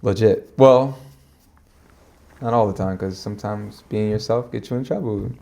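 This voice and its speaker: A man, a minister talking fast and animated in slang, in a casual podcast conversation. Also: lowish voice, gravelly.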